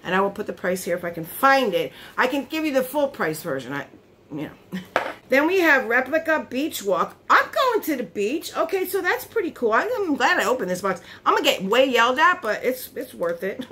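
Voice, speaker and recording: A woman vlogger chatting casually as she unboxes beauty products, easily surprised and quick to laugh, recorded on her phone. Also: high-pitched, very animated, fairly bright tone, slight background noise.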